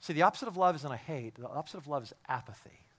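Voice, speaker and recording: A man preaching a sermon as a pastor, swinging from hushed, quiet lines to loud, emphatic ones and repeating phrases for emphasis. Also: fairly high pitch, lively intonation, rapid-fire.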